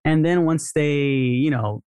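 A man's voice: on the high side, takes it slowly, a little mellow, clean tone, dry recording, clean studio sound. A man coaching dental teams on marketing in a casual podcast, acting out sample conversations in a raised voice. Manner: chatty, role-plays dialogue in a raised voice. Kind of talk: casual instructional podcast talk.

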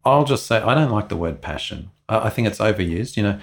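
A man co-hosting a podcast in a casual, frank manner. His voice sits fairly low, and he talks things through in a relaxed way, giving his opinions plainly. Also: fast, vocal fry. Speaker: podcast co-host.

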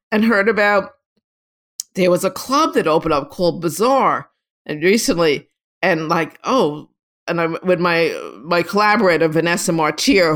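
A woman photographer in an interview, telling long rambling stories with many restarts and lively quotes of other people. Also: lowish voice. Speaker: photographer guest. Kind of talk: casual storytelling interview.

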